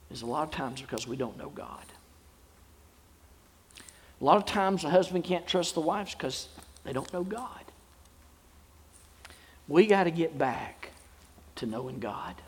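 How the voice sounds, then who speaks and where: A man preaches from the pulpit in a slightly high, husky voice, swelling into emphatic bursts before softening into prayer. His words ring out with a long reverb, as if filling a large sanctuary. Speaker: pastor. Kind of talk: sermon. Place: church sanctuary.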